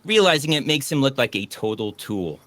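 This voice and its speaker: A man's voice: mid-range voice, sing-song, brisk, fairly bright tone, no room sound. Man, casual host, sarcastic jokes, dry close sound. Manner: joking, sarcastic. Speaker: podcast host. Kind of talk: casual chat.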